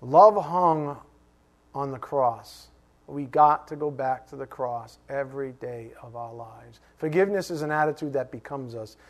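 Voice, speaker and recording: A middle-aged man preaching a sermon, animated, asking rhetorical questions and dropping suddenly to a hush. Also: mid-range voice, normal speed, hardly any pauses. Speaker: pastor.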